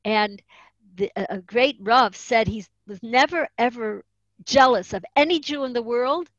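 A woman's voice: on the high side, measured pace, fairly bright tone, no echo. A woman giving an earnest religious lesson, explaining Hebrew terms and telling stories. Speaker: teacher of Jewish tradition. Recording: dull, muffled dry recording.

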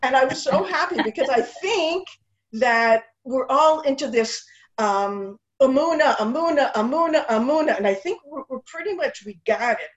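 A woman's voice: high voice, animated, normal speed. A middle-aged woman speaking in a heartfelt, rambling way over a video call, mixing in Hebrew and Yiddish words. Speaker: speaker at a women's Torah class gathering. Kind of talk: casual heartfelt talk. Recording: dull lo-fi video call audio with room echo.

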